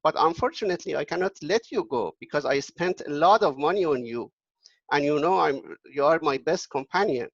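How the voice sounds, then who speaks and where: A man voicing a wealthy, kindly male merchant who loves his parrot, speaking in an earnest, halting way. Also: a little high, animated, creaky, no room sound, highs cut off.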